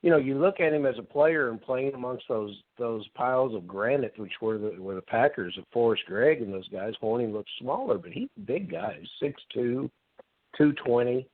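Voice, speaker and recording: A man's voice: medium pitch, lively intonation, normal speed. A man co-hosting a podcast, reminiscing in an easygoing chat with fillers. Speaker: podcast co-host. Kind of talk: casual chat over a call. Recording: dry, tinny phone-line audio.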